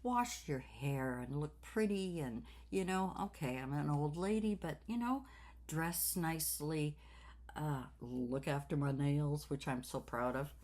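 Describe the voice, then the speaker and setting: A woman in her sixties talking slowly and reflectively in a personal vlog, with many fillers and repeated words. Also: low voice, a little mellow. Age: 60s. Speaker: craft channel host.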